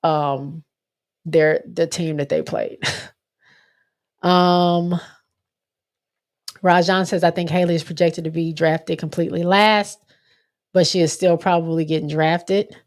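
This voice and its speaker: This is a young woman with a slightly low-pitched voice. She hosts a relaxed sports livestream in a loose, chatty way, reading viewer comments aloud and correcting herself as she goes. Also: takes it slowly, pauses often. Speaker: livestream host. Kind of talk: casual sports chat livestream.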